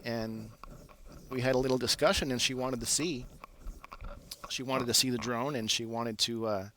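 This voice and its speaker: A man who works as an aircraft engineer, casually telling a story in a relaxed, self-deprecating way with many filler sounds. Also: medium pitch, no room sound.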